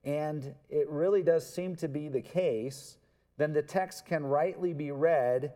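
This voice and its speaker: A male pastor preaches an expository sermon, earnest and emphatic, repeating words to stress them. His voice is on the high side and warm, delivered at a slow pace.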